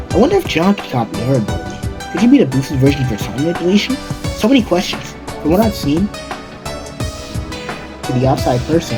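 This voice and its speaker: Rambling male fan-story narrator. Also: medium pitch. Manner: rambling, with restarts and self-corrections. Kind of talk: casual fan-fiction narration.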